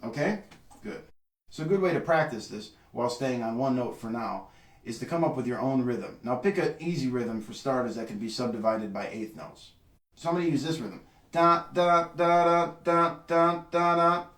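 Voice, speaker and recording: A man teaches trumpet technique, pausing to sing short syllables that mark the rhythm. His voice sits in the middle range and sounds roomy. He is recorded from a few steps back from the mic. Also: medium pitch, animated, a little mellow, recorded from a distance. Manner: sings syllables to demonstrate rhythm. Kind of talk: instructional video lesson.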